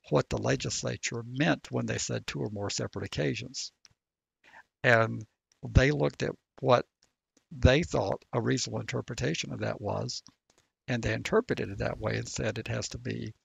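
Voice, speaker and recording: A man with a Southern accent, co-hosting a podcast and explaining legal points in a measured, lawyerly way with a gravelly voice. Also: mid-range voice. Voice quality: gravelly, husky voice. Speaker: legal expert co-host. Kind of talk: casual legal discussion podcast.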